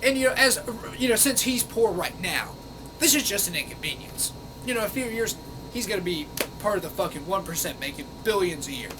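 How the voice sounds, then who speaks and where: A man's voice: high-pitched, lively intonation, fairly quick, background noise. A man ranting angrily at a commenter, sarcastic and exasperated, swearing often. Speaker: vlogger. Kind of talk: angry rant reading out comments.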